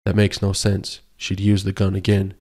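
A man voicing a tough young cowboy who reasons things out in a steady, logical way. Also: sits low, normal speed. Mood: reasoning. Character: tough young cowboy protector, level-headed.

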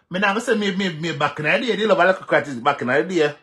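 A man's voice: high-pitched, lively intonation, fast talker, few pauses, bright, forceful tone. A man with a Jamaican accent giving heated commentary on a vlog, repeating himself for emphasis and mixing patois with English. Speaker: social media commentator.

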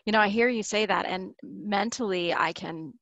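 A woman's voice: mid-range voice, normal speed, a bit bright, no echo, dull audio. A woman hosting an interview, asking reflective, searching questions. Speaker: host.

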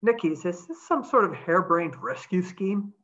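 A woman reading aloud, voicing a stubborn man who speaks calmly and firmly. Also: on the low side, normal speed, dull audio. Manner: calm, stubborn. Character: stubborn man, steady soldier.

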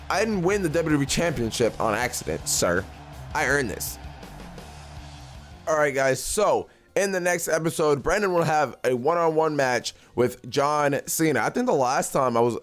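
A young man giving casual, excitable play-by-play commentary on a video game, talking slangily to the characters on screen. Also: medium pitch. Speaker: gaming YouTuber.

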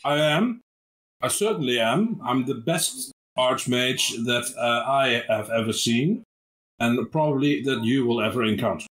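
A man's voice: medium pitch, lively intonation, a little slow, a bit bright. A man voicing a boastful sixty-year-old human archmage with a pompous, self-praising manner in an online tabletop game. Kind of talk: tabletop role-play over a video call.

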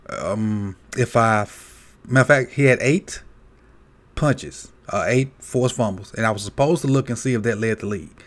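A man hosting a casual sports countdown video, talking loosely with many fillers and restarts. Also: medium pitch. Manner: relaxed, halting, many "uh" and "um" fillers. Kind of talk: casual sports commentary vlog.

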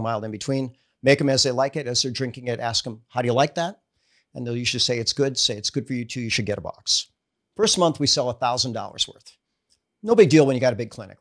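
A middle-aged man, a chiropractor, telling stories in a casual interview and acting out the dialogue with sudden jumps in his voice. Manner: animated storyteller acting out dialogue with quick pitch jumps. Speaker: guest, chiropractor and network marketer.

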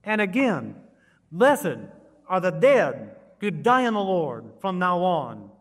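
A man's voice: high voice, sing-song, slow. A man preaching a sermon, pleading urgently and repeating words for emphasis. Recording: reverberant hall.

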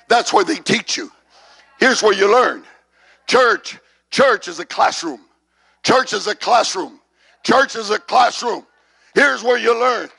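Middle-aged male pastor, high and gravelly, repetitive call-and-response sermon delivery. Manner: repetitive call-and-response preaching, builds to shouts. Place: church service.

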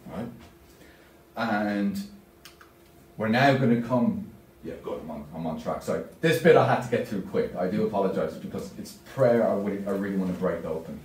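A man's voice: on the low side, lively intonation, normal speed, darkish tone. A man giving a parish talk as a deacon, speaking emphatically and putting questions to his audience. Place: church. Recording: echoey church from far off.

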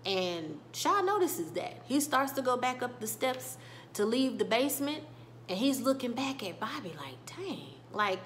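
A woman vlogger recapping a TV episode in casual speech, retelling scenes with lively quoted lines. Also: fairly high pitch, moderate pace, slight background noise.

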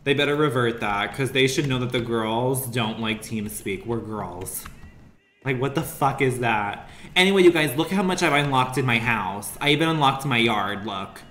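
A man's voice: mid-range voice, fairly bright tone, a little hiss or hum. A man streaming a game, chattering to his viewers in a giggly, profane, campy way. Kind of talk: casual gaming stream chat. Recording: roomy sound with faint music.

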